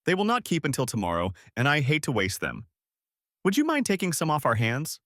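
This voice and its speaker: Guy reading as a kind young bakery lady, earnest, lively pitch, dry sound. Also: fairly quick, no room sound, exaggerated voice. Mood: gentle. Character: kind young woman bakery owner, gentle.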